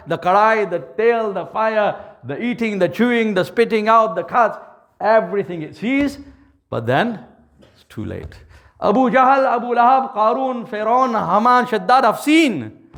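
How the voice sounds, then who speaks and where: A male preacher telling a dramatic parable in a sermon, with lots of vivid detail. His voice is high and swoops widely, and he drops in Urdu and Arabic phrases. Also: fairly bright tone. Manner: mixes Urdu and Arabic words. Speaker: Islamic preacher. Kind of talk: sermon storytelling.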